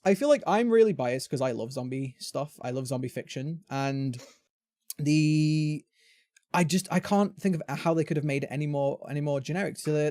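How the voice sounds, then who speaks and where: A man's voice: mid-range voice, darkish tone, dry recording. A British man hosting a gaming podcast, chatting casually and rambling with frequent restarts. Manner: chatty, rambling, self-interrupting. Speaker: podcast host. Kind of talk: casual chat.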